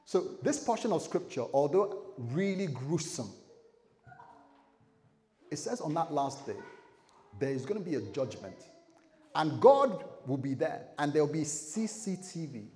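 Pastor guy telling a story in a sermon, bouncy voice, kinda high, big echoey hall. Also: very animated, measured pace, long pauses, dark tone. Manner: storytelling, chatty asides to the audience. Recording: echoey hall, faint room noise.

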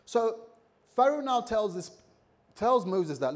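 With a high-pitched voice, this male pastor moves slowly through an energetic sermon, leaving long pauses. He acts out biblical figures, changing his voice and adding humorous asides.

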